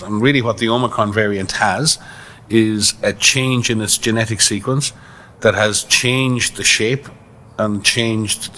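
A man answering an interview question as an expert, measured and a little hesitant, restarting his sentences. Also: lowish voice, fairly bright tone, a little hiss or hum.

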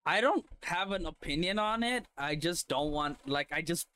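A man's voice: on the high side, lively intonation, normal speed, bright, forceful tone, smooth. A man in casual chat about movies, blunt and opinionated, swearing heavily.

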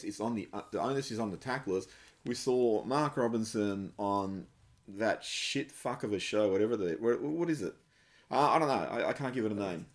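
A man co-hosting a casual sports podcast, blunt and sweary as he rants. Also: mid-range voice. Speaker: podcast co-host.

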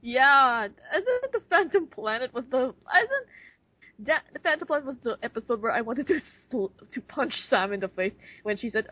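A woman's voice: sits high, sing-song, moderate pace, no room sound. A young woman in casual chat, blunt and profane, mocking the characters she talks about. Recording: dull lo-fi sound.

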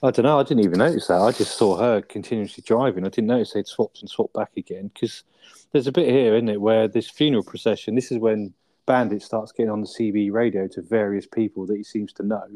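A man's voice: on the low side, fast, mellow, no room sound. A man, co-hosting a casual film review chat, laid-back and sweary, often ending with tag questions. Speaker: podcast co-host.

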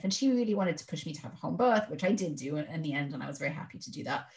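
A woman's voice: low-pitched, animated, very fast, few pauses, a little mellow. A woman guest on a podcast, telling her own story in casual chat and animatedly acting out the people she quotes.

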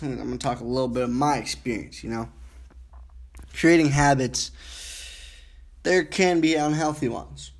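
Man, mid-range voice, casual self-help podcast host, rambling, repeats words, frequent you know. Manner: wide swings in pitch, drops low and quiet at asides.

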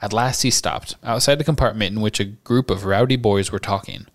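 A man's voice: lowish voice, a little fast. A man hosting a podcast, reading a novel aloud and discussing it. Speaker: podcast host and reader.

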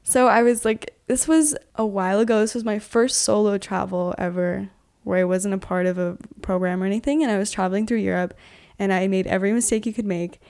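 A woman's voice: mid-range voice, steady tone, fairly quick, a little mellow, clean tone. A young woman chatting as a podcast guest, telling travel stories in an upbeat way, with lots of "like". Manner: chatty, upbeat, heavy use of "like". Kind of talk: casual podcast storytelling.

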